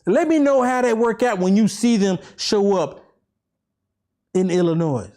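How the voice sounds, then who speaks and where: A high-pitched man, a political vlogger, delivers an impassioned rant to camera with lively intonation, repeatedly circling back over the same points and pelting the listener with urgent rhetorical questions. His voice climbs into fervent near-shouting, then drops low and slow into preaching.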